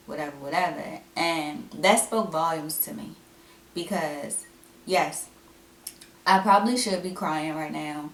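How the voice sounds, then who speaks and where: A young woman, talking candidly to camera at home in a chatty, animated way. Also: low voice, measured pace. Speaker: vlogger. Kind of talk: casual vlog talk to camera. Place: at home indoors. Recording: echoey room, mic at a distance.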